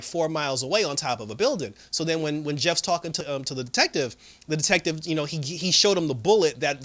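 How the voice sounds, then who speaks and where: A man casually recapping a TV episode, animated, with lots of fillers and frequent laughter. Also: on the high side. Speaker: show reviewer.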